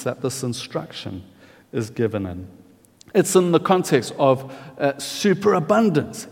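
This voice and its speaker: A man's voice: a little high, a little mellow. Man preaching in an echoing hall. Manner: emphatic, with frequent filler pauses. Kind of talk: evening sermon. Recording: long hall reverb.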